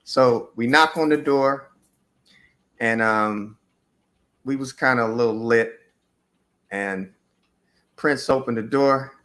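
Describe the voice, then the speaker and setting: Bright-voiced man telling a rambling story. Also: medium pitch, takes it slowly, pauses often. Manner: loose, rambling storyteller with many fillers. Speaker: musician guest. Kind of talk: casual storytelling interview.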